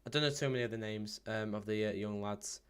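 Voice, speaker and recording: A man hosting a live football watchalong stream. He chats casually, reads out viewer comments with plenty of ums, and breaks into excited play-by-play. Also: fairly low pitch, fast, clean tone. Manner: bursts into excited play-by-play at goals. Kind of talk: live match watchalong chat.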